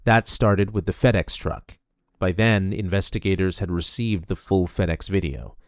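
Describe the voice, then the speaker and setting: A man delivering scripted true-crime documentary narration in a measured, somber way. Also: low voice, dry recording, clean studio sound.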